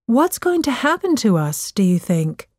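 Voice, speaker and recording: A woman voicing a frightened fifteen-year-old boy who asks anxious, searching questions, read slowly for an audiobook. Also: fairly high pitch, big pitch swings, a little mellow, dry recording, clean studio sound, pitched above the performer's own voice.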